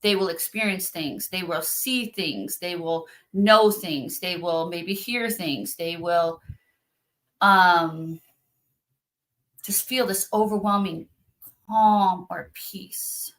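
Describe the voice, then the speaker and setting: A woman's voice: on the low side, takes it slowly, a bit bright. A woman speaking earnestly and from the heart in a casual conversation, as a spiritual practitioner on a video call.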